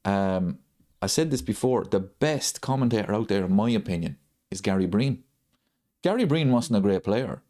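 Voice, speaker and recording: A man's voice: fairly low pitch, lively intonation, normal speed, mellow. A man hosting a live football watchalong, ranting and repeating his points for emphasis. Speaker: host of a football watchalong channel. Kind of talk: live stream chat.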